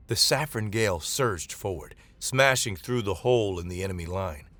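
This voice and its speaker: A man narrating a dramatic science-fiction story in a measured reading voice. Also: sits low, expressive, a bit bright, no echo.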